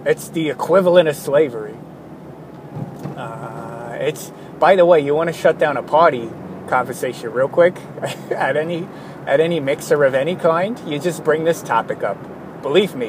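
A tired man rambling casually through a vlog, wandering off on self-mocking tangents. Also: on the high side. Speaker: vlogger. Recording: steady traffic noise behind.

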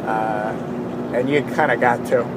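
A man's voice: medium pitch, unhurried. A tired man rambling casually through a vlog, wandering off on self-mocking tangents. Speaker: vlogger. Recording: steady traffic noise behind.

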